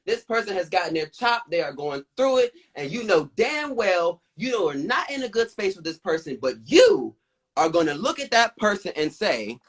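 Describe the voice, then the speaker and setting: A male host with a voice that sits high, talking at normal speed, tells a story on a casual live stream. He's animated and foul-mouthed, giving the events a lot of drama.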